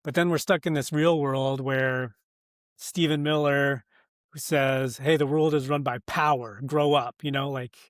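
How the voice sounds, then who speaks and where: A man's voice: mid-range voice, steady tone, a little slow, no echo, studio quality. An American man, a pastor and author, talking earnestly in a podcast interview, thinking aloud with many fillers and restarts. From United States.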